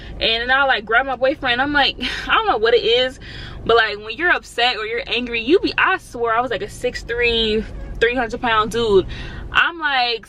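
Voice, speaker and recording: Young woman vlogger, animated storyteller; bright, slightly high voice. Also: a little hiss or hum, rough recording. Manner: animated, slangy, acts out quotes. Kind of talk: storytime vlog.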